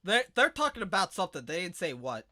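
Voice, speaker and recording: A man co-hosting a podcast in casual chat, joking crudely and often breaking into loud mock-shouted impressions. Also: high voice, very animated, quick pace. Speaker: podcast co-host.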